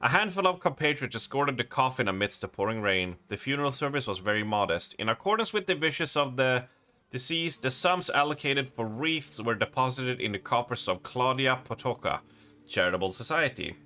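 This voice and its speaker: Lively, bright-voiced man streaming a game. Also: mid-range voice, fairly quick. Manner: chatty, talks to chat, reads in-game letters aloud. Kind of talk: live gameplay commentary, reading game text aloud.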